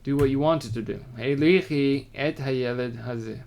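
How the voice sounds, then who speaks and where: Male Torah teacher, mid-pitched, casual, reads verses aloud and then explains them, with keyboard typing faint in the background. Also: normal speed, creaky, a little mellow. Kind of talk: informal text study lesson.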